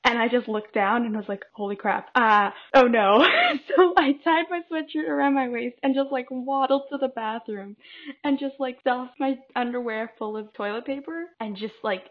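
A woman's voice: on the high side, normal speed. A young woman co-hosting a podcast, telling stories in a chatty, casual way and filling her talk with "like". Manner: chatty storytelling, lots of "like". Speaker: podcast co-host. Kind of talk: casual chat. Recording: dull lo-fi recording.

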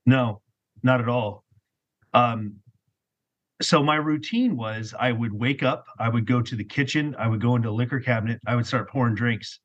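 A man's voice: medium pitch, moderate pace, a bit bright, lo-fi sound. A man guest on a podcast, candidly telling his own story in casual talk and often repeating words as he goes.

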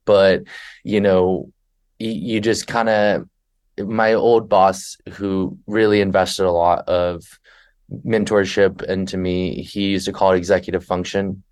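A man's voice: sits low, measured pace. A man talking as a podcast guest, animatedly telling stories and acting out the people in them. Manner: animated storyteller who acts out passengers and himself. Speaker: podcast guest, flight attendant. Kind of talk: conversational podcast interview.

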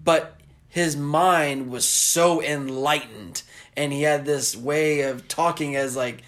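Rambling Southern man, excited film talk. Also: on the high side, slow pace, slight background noise. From American South. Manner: enthusiastic, rambling, acts out movie lines. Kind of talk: casual chat.

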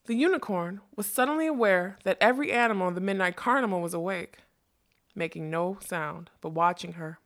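A woman narrating a fantasy novel as an audiobook, measured and expressive. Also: on the low side.

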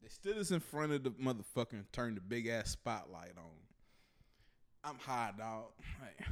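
Brief: male podcast co-host, slow and very animated, slangy, swears freely, does the voices of the people in his stories. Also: mid-range voice. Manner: animated, profane, slangy, acts out quoted voices. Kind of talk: casual storytelling chat.

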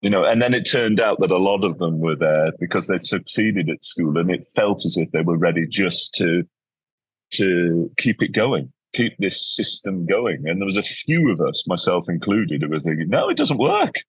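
A man's voice: sits low, moderate pace, breathy edge, no room sound. A man, a guest educator telling stories in a casual interview and acting out the people he quotes. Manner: animated storyteller, acts out quoted people.

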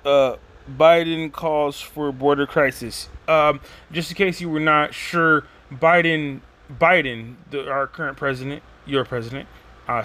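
A man talking in a rambling, casual monologue as a podcast host. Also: fairly high pitch. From Texas. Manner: rambling, animated, conversational with slang.

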